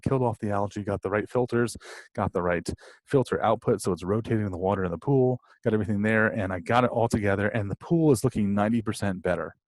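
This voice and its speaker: A man's voice: on the low side, darkish tone, dry recording. A man in his thirties or forties giving a conversational college lecture, asking rhetorical questions and acting out inner thoughts. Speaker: college instructor. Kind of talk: recorded lecture.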